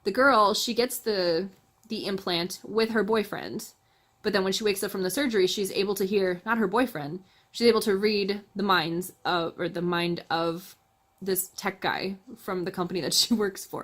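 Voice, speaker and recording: A woman's voice: mid-range voice, steady tone, normal speed, fairly bright tone. A woman hosting her channel, chatting casually about books she read, laughing often and correcting herself as she goes. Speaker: book reviewer, channel host. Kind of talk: casual book review chat.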